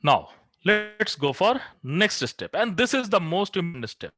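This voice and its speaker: Lively, bright-voiced male physics lecturer. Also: high-pitched, a little slow, no room sound. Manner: talks through equations step by step, asks the class questions and answers them himself. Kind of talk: classroom lecture.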